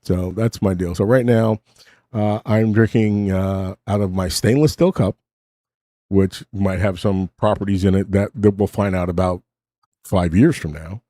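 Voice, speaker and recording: A man's voice: low voice, measured pace, mellow, dry recording, studio quality. A middle-aged man hosting a casual late-night monologue at his desk, rambling and self-mocking. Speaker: host. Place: home desk.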